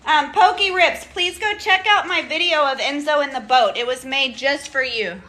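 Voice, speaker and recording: Her voice sits high with a sharp tone, at a normal pace. She's a livestreamer at home, moving between rooms as she rambles and chats casually with viewers, using lots of ums.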